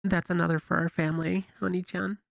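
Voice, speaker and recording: A man voicing a sweet-talking but sinister young woman who speaks softly in a raised, gravelly voice. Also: high voice, little pitch movement, fast, no echo, pitched above the performer's own voice. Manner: sugary, soft-spoken, falsely sweet.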